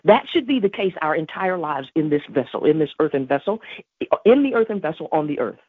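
Husky devotional teacher, emphatic, repeats key phrases, dry, tinny phone-like sound. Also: medium pitch, sing-song, brisk, dry recording. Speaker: podcast host teaching on prayer.

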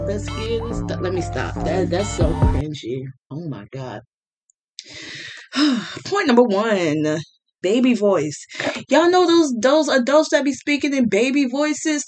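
A woman hosting a casual solo podcast, ranting bluntly and heatedly with swearing and plenty of fillers. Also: fairly low pitch. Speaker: podcast host.

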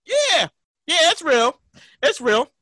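A man hosting a casual podcast, profane and animated, telling stories and laughing often. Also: very high-pitched, slow pace, dry recording, studio quality. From New York. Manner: storytelling with loud mock reenactments. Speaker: podcast host.

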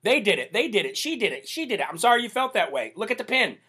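A man's voice: high-pitched, very animated, quick pace, bright, forceful tone, breathy edge, exaggerated voice. A man mocking a whiny, defensive politician. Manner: sarcastic, whiny mockery. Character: mocked male politician, defensive and self-pitying.

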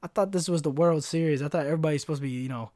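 A man's voice: rapid-fire, dark tone, no room sound, studio quality, lightly acted. A man doing Randy Marsh, a whiny outraged cartoon dad. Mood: indignant. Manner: whiny, outraged, higher pitched. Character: indignant middle-aged cartoon dad.

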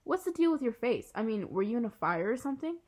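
A smug young bully, put on by a woman reading aloud, sarcastic and sneering at everything. His voice sits a little higher than a plain reading voice and pushes forward. It suits an audiobook of a school story. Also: sing-song, quick pace, a little mellow. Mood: prying.

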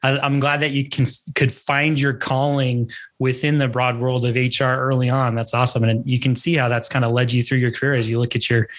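A man's voice: medium pitch, little pitch movement, a little fast. Friendly man podcast host. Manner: friendly, encouraging, casual fillers. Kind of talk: podcast interview.

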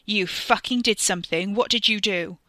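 A woman voicing a young man who is panicking and shouting in anguish as he loses his own face, read from a storybook. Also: medium pitch, flat delivery, moderate pace, reverberant, big-room sound. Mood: furious.

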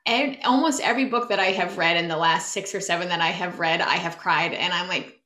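A young woman co-hosting a podcast, telling stories in a lively chatty way and laughing often. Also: on the low side, brisk, reverberant. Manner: animated storytelling, laughs often. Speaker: podcast co-host. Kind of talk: casual chat.

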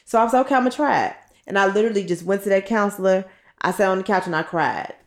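Speaking quickly in a mid-range voice, a woman in her thirties co-hosts a podcast and shares a personal story. She's candid and blunt, swears freely, and acts out what other people said. The room gives the recording an echo.

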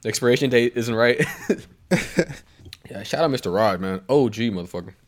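A man's voice: medium pitch, expressive, normal speed. A young man on a podcast, chatting casually, wandering through a swearing-laced story full of tangents. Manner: rambling storyteller, swears often, trails off on tangents. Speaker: podcast co-host. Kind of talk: casual chat.

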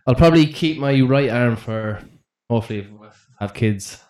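A young man chatting casually as a podcast guest, relaxed and enthusiastic. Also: medium pitch, normal speed. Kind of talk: casual chat. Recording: roomy, echoey room.

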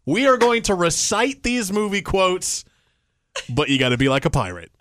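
A man's voice: high voice, big pitch swings, normal speed, a bit bright, slight background noise. A man hosting a morning radio show in a studio, leading an upbeat segment. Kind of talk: radio host banter.

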